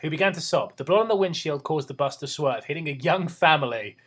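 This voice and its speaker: A man's voice: fairly high pitch, animated, quick pace, a bit bright, husky. A man reading a story aloud for laughs, stumbling over words and breaking off for sarcastic asides. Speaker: reader and host. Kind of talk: comedic reading with banter.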